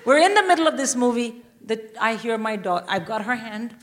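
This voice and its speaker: Animated middle-aged woman telling a sweary story on stage. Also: on the high side, moderate pace. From India. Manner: animated, swearing, acts out quotes. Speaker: guest comedian. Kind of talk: live stand-up storytelling. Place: live theatre stage with audience. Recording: loud noise from live venue.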